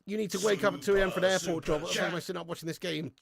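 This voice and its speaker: High, gravelly guy ranting. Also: racing, a crowd in the background. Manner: excitable, sweary, ranting and chatty with viewers. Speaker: host of a fan watch-along stream. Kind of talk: live football watch-along commentary.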